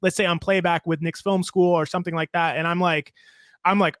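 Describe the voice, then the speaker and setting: A man co-hosting a sports podcast, recorded dry and close with no room sound. His voice sits a little high, and he walks through his ideas step by step, repeating phrases as he builds each point. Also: steady tone, brisk, fairly bright tone, no echo. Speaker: podcast co-host, basketball analyst. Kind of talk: casual podcast chat.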